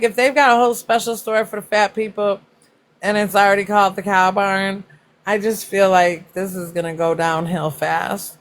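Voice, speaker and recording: A woman's voice: mid-range voice, fairly even intonation, normal speed. A woman hosting a casual livestream, chatting and reacting to comments, laughing often and swearing freely. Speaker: livestream host.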